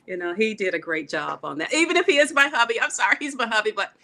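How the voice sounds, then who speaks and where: A woman's voice: on the high side, lively intonation, quick pace, bright, forceful tone. A woman in her sixties from Mississippi with a Southern accent, chatting as a guest in a drawling, laughing way. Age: 60s. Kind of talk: casual chat.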